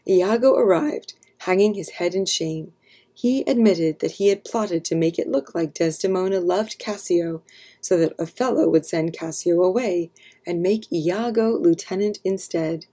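A woman reading a storybook aloud for children, narrating calmly and clearly. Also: fairly low pitch, normal speed.

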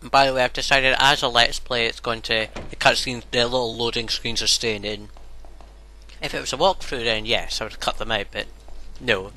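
A man's voice: mid-range voice, steady tone, moderate pace, bright, forceful tone, slight background noise. A man casually commentating on a video game he plays, rambling and blunt, now and then swearing. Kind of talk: casual let's play commentary.

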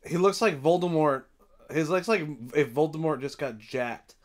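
A young man hosting a live stream from home, chatting casually as he reacts to a film, excitable and profane, now and then breaking into shouts. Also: fairly high pitch, normal speed. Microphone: desk mic with headphones.

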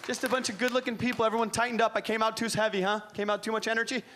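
A man from Iran doing live stand-up comedy as host, energetic, profane and teasing the crowd. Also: high voice, very fast. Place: comedy club stage. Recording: noisy club with crowd laughter.

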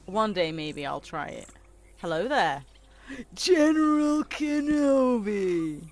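A woman in her 20s chats casually with viewers on a game stream, her low, fairly bright voice unhurried amid slight background noise. Giggly and talkative, she reads out chat messages and answers them, laughing easily.

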